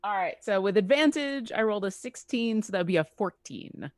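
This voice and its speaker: A woman's voice: medium pitch, expressive, fairly quick, a little hiss or hum. A woman playing a tabletop role-playing game, casual and playful. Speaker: player.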